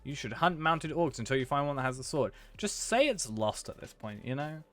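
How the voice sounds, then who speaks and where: A man's voice: a little high, animated, a little fast, fairly bright tone, faint music behind. A young man live-streaming a video game, chatting casually with viewers in a chatty, self-mocking way and breaking into frustrated rants. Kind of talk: casual live-stream chat while gaming.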